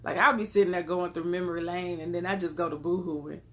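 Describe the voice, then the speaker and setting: A woman's voice: on the low side, steady tone, fast. A woman giving an oracle card reading to her viewers, casual and affectionate, calling them beloved and urging them on. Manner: casual and chatty with spiritual talk. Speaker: spiritual card reader.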